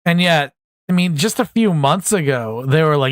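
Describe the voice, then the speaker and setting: Tired guy venting on his channel, kinda high voice, super dry sound, rambling and frustrated. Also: expressive, moderate pace, a bit bright, no room sound. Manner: rambling, frustrated, restarts often. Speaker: commentary YouTuber. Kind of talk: casual political commentary. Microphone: USB desktop mic.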